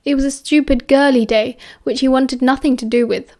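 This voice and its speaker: A woman with a British accent narrating an audiobook in a steady, even storytelling voice. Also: sits high, moderate pace. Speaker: audiobook reader.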